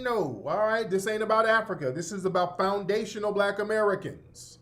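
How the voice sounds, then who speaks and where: A man's voice: sits high, moderate pace, fairly bright tone. A man hosting a radio show, giving brash, sarcastic commentary full of slang and repeating his points for emphasis. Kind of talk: opinionated talk-radio commentary.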